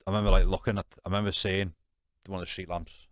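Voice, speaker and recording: With a low, flat, slightly bright voice, a man talks fast in a clean studio recording with no room sound. He's a podcast guest sharing a candid personal story in casual British slang, blunt and swearing. His speech rambles and restarts amid many fillers, often punctuated by "you know what I mean".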